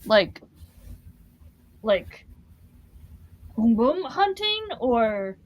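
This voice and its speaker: Co-host, female, slightly high voice, unhurried, playful banter. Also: big pitch swings, rough recording. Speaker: co-host on the stream. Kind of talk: casual live-stream chat.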